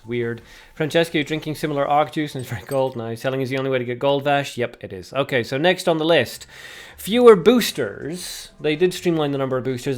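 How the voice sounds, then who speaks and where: Chatty male livestream host. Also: medium pitch. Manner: chatty, reads chat aloud, laughs at own puns. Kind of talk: casual livestream chat.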